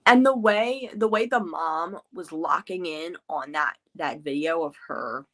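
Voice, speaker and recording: Bright-voiced woman chatting about a book. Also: sits low, unhurried. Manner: chatty, many filler words and restarts. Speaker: book club host. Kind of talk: casual book chat.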